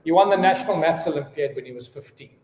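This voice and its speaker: A man's voice: fairly high pitch, fast, a little mellow. A man in his fifties teaching a class, chatty and given to storytelling asides. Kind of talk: classroom lesson. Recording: echoey room with long reverb.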